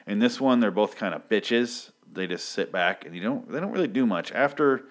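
Man, lowish voice, casual comic recap, rambling, profane, lots of ums. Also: animated, moderate pace. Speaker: comic book reviewer.

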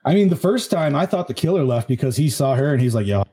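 A man with a warm, mellow voice talks through a film with his friends in loose, profane podcast chat. He muses aloud and leaves some of his thoughts hanging. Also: medium pitch, animated, fast, slightly rough. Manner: profane, musing, trails off mid-thought. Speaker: podcast co-host. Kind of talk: casual movie-review chat.

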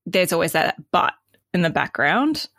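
A woman's voice: fairly low pitch, sing-song, moderate pace, fairly bright tone, no room sound, clean studio sound. A woman co-hosting a podcast, chatting casually and affirming her guest. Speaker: podcast co-host.

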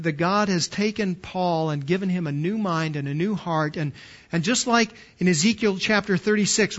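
A man's voice: sits high, fairly bright tone, lo-fi sound. A man preaching an expository sermon as pastor, emphatic, restarting and repeating words, and putting questions to his listeners.

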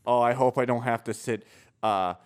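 A man putting on a fussy flyer who frets over every small thing on a plane. He whines in a lowish voice from one worry to the next. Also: fairly even intonation, moderate pace, close to an everyday voice. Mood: fretful. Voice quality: whiny and fretful. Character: fussy, worried male air traveler.

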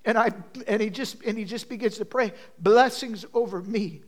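A man with a high voice preaches a sermon. He tells a personal story with feeling, rising to loud passages and dropping to near-hushed ones. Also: normal speed, hardly any pauses.

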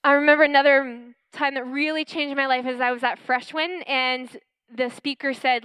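A woman pastor giving an earnest, animated sermon and telling personal stories. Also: sits high, normal speed, no echo.

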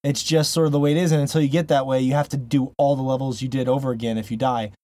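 A man's voice: mid-range voice, steady tone, quick pace, mellow, no room sound. A man co-hosting a casual gaming podcast, rambling and laughing, often restarting his sentences. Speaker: podcast co-host. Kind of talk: casual chat.

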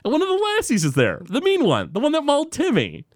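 A man chatting casually on a podcast, retelling a cartoon episode with lots of fillers and quick quoted bits. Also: very high voice, huge pitch swings, no echo, clean studio sound. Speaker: podcast host.

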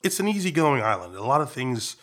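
Easygoing Trinidadian man, mid pitch. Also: big pitch swings, a little fast, a bit bright. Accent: American, switching to Trinidadian partway. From Trinidad and Tobago. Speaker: guest. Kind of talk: casual interview chat.

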